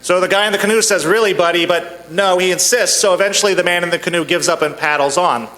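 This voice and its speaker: A man giving a sermon in a church sanctuary, telling a joke in a measured storytelling way. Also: high voice, fairly even intonation, bright, forceful tone, rough recording. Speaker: minister.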